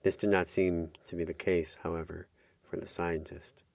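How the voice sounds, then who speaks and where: Deep-voiced man narrating a horror story. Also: flat delivery, moderate pace, vocal fry, no echo.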